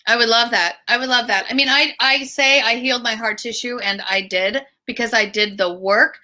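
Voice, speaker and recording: A middle-aged woman appears as a guest author and speaker in an online interview, telling stories with a fairly high pitch at a moderate pace. She is lively and acts out the voices of the people she quotes.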